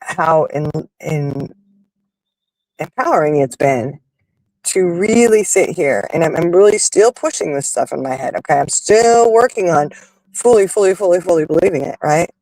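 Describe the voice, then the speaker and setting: A man hosting a talk show speaks candidly in a somewhat high voice with a gravelly edge. He rambles and restarts as he thinks aloud, turning emphatic and blunt. The sound is dry and close. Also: expressive, moderate pace, darkish tone, no room sound, poor audio. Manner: rambling, emphatic, frank with occasional swearing. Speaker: host. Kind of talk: candid monologue on personal growth.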